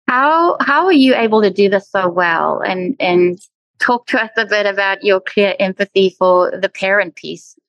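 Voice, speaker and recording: A woman's voice: medium pitch, normal speed, fairly bright tone, no room sound, lo-fi sound. A woman interviewing a guest, asking appreciative, probing questions.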